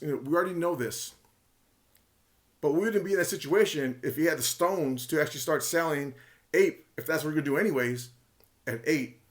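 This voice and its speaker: A man talking casually and emphatically in a monologue, sharing his opinions as a retail investor commentator, often repeating himself and speculating. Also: on the high side.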